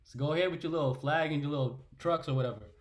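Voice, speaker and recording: A man's voice: fairly high pitch, very fast. A man, a father, talking bluntly and casually with plenty of slang as a panel guest. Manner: blunt, slangy, "bro", "you know what I'm saying".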